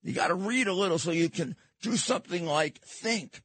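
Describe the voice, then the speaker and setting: Husky older New York man hosting talk radio. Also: high voice, lively intonation, moderate pace, a bit bright. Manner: combative, lecturing, repeats phrases. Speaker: radio show host. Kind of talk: opinionated radio monologue.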